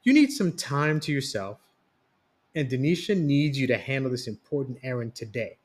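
A man reading a story voices a mother who calmly coaxes her son and niece, speaking in a measured way. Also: mid-range voice, lightly acted. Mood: coaxing. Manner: calm, coaxing, measured. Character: mother, firm and persuasive middle-aged woman.

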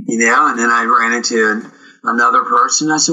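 A middle-aged man from Canada tells stories in an interview, his voice very bright and forward. He acts out the quoted lines as he goes. The sound is a little dull and lo-fi. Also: mid-range voice, a little fast. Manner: animated, acts out quoted dialogue. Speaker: actor, guest. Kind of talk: casual storytelling interview.

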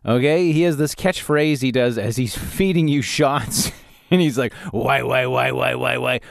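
Canadian guy, middle-aged, chatty storyteller, pitch jumps all over, dry close sound. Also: no room sound. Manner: animated, laughs often, rants. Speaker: podcast host, former radio host. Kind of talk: casual storytelling monologue.

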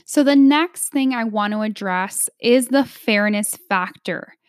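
Woman, negotiation coach, emphatic instructional talk, higher-pitched voice, dry close sound. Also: measured pace, dry recording. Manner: emphatic, coaching, frequent "right?" tags.

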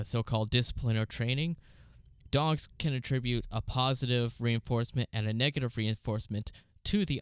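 A man co-hosting a casual chat, rambling with lots of fillers and deadpan asides. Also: mid-range voice, clean tone, no echo, studio quality. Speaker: podcast co-host.

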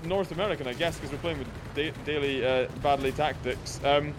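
A man's voice: on the high side, fairly even intonation, background noise. A young Scottish man chatting casually on a gaming live stream, saying "mate" a lot and laughing easily. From Scotland. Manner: chatty, says "mate" often, quick laughs.

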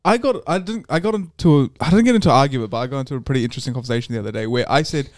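A man's voice: medium pitch, rapid-fire, no echo, studio quality. A young man, a podcast co-host chatting casually, laid-back and blunt, swearing freely. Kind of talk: casual chat.

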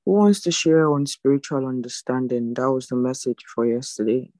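A woman's voice: rumbling low, moderate pace, darkish tone, dry recording, rough recording. A woman moderating an online church devotion meeting over a video call, formal and addressing everyone as esteemed.

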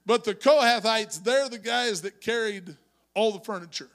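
Man, pastor, sermon in a church, high-pitched, gravelly, storytelling that builds to shouting. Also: normal speed. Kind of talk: Pentecostal-style preaching. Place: church sanctuary.

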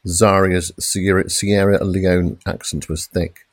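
A man reading a crime novel aloud in measured, dramatic narration, raising his voice for the police shouts. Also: lowish voice, no room sound. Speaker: audiobook narrator. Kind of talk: scripted narration.

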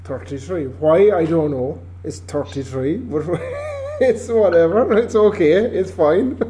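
A man's voice: high voice, huge pitch swings, takes it slowly, mellow, a little hiss or hum. A man with a Kerry Irish accent, interviewing a guest in easygoing casual chat. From Ireland. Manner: easygoing, lots of agreeing "yeah".

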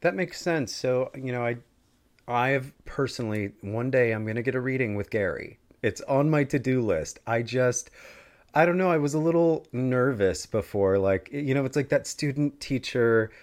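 A man's voice: mid-range voice, expressive, moderate pace. An American man hosting a podcast, chatty and rambling, with many asides. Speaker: podcast host. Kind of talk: casual interview chat.

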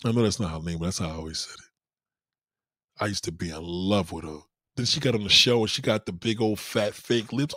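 A man's voice: fairly low pitch, normal speed, no room sound, clean studio sound. A man chatting casually as a host, telling profane stories and acting out quoted people. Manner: animated, profane storytelling with mock-quoted voices. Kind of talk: casual chat.

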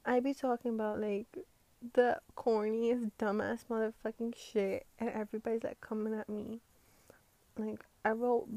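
A sick young woman with a stuffy runny nose and a slightly high voice talks straight to her audience. Her talk is a loose, profane ramble, thick with slang and constant "like" fillers. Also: fairly even intonation, normal speed, mellow, dry recording. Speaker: vlogger. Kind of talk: rambling casual monologue.

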